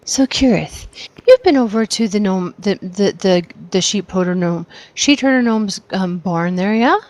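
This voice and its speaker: A woman's voice: mid-range voice, normal speed, a little mellow. A woman player in a tabletop game, talking in a hesitant, rambling way. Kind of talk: casual tabletop game chat.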